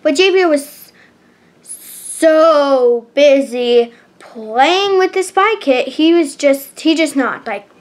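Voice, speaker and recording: A woman reading a chapter book aloud, halting and often restarting words. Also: sits high, animated. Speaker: storybook reader.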